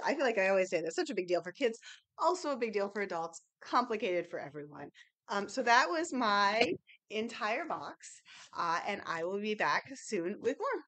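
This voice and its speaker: A woman's voice: a little high, a bit bright. A woman librarian chatting casually and enthusiastically as she unboxes new children's books, with many ums and little gasps.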